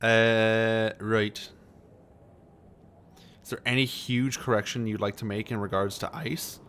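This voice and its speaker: A man's voice: fairly low pitch, fairly even intonation, takes it slowly, a bit bright, slight background noise. A man chatting casually and laughing while live-streaming a mystery game.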